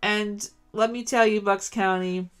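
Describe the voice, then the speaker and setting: A woman's voice: mid-range voice, steady tone, unhurried, a bit bright, smooth, soft background music. A woman hosting a podcast, gushing and effusive, tearful and emotional as she talks. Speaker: podcast host. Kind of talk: casual interview chat.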